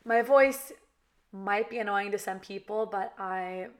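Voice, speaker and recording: A woman's voice: mid-range voice, flat delivery, moderate pace. A young woman from California with a valley girl accent, talking candidly and chattily to her viewers, full of "you know" and "like". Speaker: reality TV cast member. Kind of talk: candid direct-to-camera talk.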